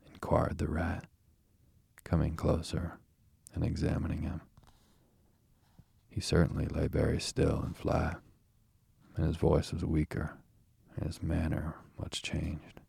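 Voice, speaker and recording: A man narrating a classic storybook in a measured, steady reading. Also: a bass voice, creaky, husky, dry recording, clean studio sound.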